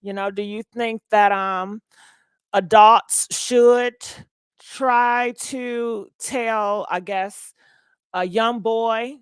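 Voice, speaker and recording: A woman's voice: on the high side, steady tone, drawn-out words, smooth, no echo, studio quality. A woman hosting a live call-in show, talking in a blunt, slangy, casual way. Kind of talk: casual live-stream chat.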